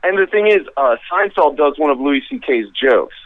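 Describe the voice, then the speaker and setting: A man's voice: fairly high pitch, lively intonation. Rambling male caller on a dull line. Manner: rambling, halting with many fillers. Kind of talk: casual chat.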